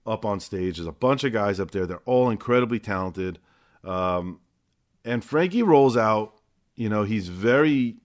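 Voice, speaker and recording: A man's voice: mid-range voice, a bit bright. A man casually reviewing a live show for his vlog, talking in a loose, rambling way with the odd swear word.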